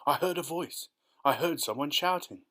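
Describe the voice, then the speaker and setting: A man's voice: fairly high pitch, moderate pace, sharp tone, pitched above the performer's own voice. A man voicing a young boy in a storybook audiobook, speaking hesitantly and then with urgency. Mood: alarmed.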